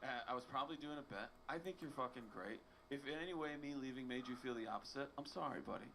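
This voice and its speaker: A man, a guest comedian, trading deadpan, profane stories in banter. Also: mid-range voice, fast, gravelly, slight background noise.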